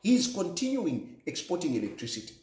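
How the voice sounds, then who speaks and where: A man's voice: a little high, wildly swooping pitch, a little fast, darkish tone, roomy sound. A Zambian man delivering an emphatic political monologue, repeating phrases for effect in an accusing tone. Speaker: political commentator.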